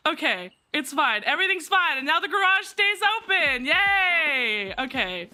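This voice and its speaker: High, bright-voiced young woman streamer. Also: big pitch swings, measured pace, hardly any pauses. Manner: swears freely and rants sarcastically between muttered self-talk; bursts into loud laughing outcries. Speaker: streamer playing a game. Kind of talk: live gameplay commentary. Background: faint background music.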